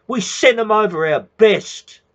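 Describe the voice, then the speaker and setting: A man's voice: sits high, lively intonation, a little slow, a bit bright. A man with an Australian accent delivering an impassioned, profane rant. He keeps repeating himself and calling his listeners "mate". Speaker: activist speaking to followers. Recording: dull lo-fi recording.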